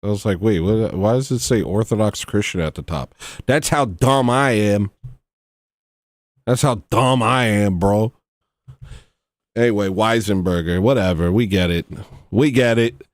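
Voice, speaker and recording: A tired man hosting a livestream, talking casually in a rambling, mocking, irreverent way with sudden high-pitched outbursts. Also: measured pace, long pauses, dry recording. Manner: slips into loud high-pitched bursts. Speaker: livestream host.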